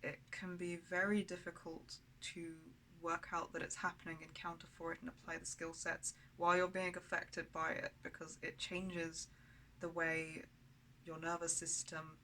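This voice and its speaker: Woman, video diary, blunt and candid, swears often, bright tense voice, faint background hum. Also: lowish voice, little pitch movement, moderate pace, low-quality recording. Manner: rambling, with many fillers and restarts. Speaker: vlogger.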